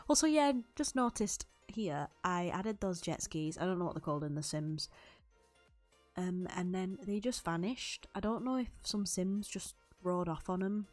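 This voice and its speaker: A woman's voice: lowish voice, expressive, measured pace, darkish tone, faint music behind. A young woman chatting loosely over a game build, rambling and laughing often. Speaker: YouTube Sims builder. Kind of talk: recorded voiceover over gameplay.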